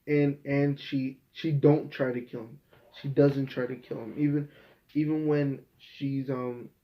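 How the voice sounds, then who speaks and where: A man's voice: medium pitch, little pitch movement, measured pace. A young man hosting a casual review show, ranting in an exasperated, profane way. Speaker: host. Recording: dull lo-fi home recording.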